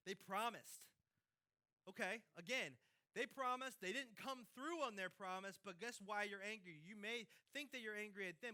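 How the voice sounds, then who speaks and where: A man preaching a sermon as pastor, repeating phrases with sudden loud peaks and quiet drops. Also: a little high.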